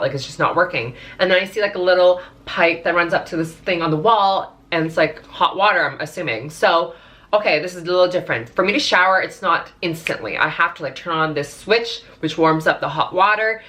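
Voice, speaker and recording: Young woman, bright edgy tone, slightly low voice, chatty dramatic storytelling, casual swearing. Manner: chatty, dramatic, swears freely, many fillers. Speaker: vlogger telling a travel story.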